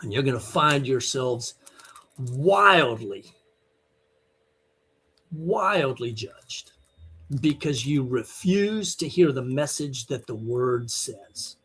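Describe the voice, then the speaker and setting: A man's voice: mid-range voice, lively intonation, slow, pauses often, fairly bright tone, breathy edge. A man giving an online teaching sermon, emphatic, blunt and scolding as he presses his point. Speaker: Bible teacher.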